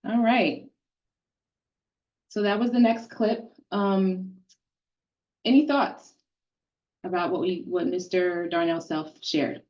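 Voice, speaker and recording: A woman's voice: lowish voice, steady tone, slow pace, long pauses, a little mellow, distant mic, lo-fi sound. A woman hosting a group discussion, thinking aloud and restarting her words. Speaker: group session host.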